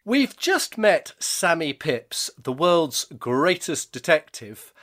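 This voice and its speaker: Male host from England, animated intonation, dry close mic. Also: a little high, takes it slowly, dry recording. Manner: articulate, lively presenter delivery. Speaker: podcast host and interviewer. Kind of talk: scripted introduction and interview.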